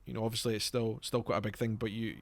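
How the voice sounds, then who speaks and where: A man's voice: on the low side, little pitch movement, gravelly, no room sound. A Scottish man co-hosting a podcast, speaking casually in a stop-and-start manner. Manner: halting, stop-and-start phrasing. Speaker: podcast co-host. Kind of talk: casual chat.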